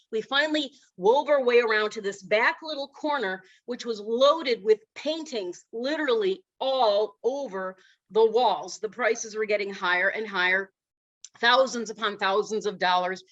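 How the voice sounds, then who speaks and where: A middle-aged woman giving a humorous storytelling speech in an animated, self-deprecating way. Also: medium pitch, normal speed, highs cut off. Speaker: Toastmasters speaker.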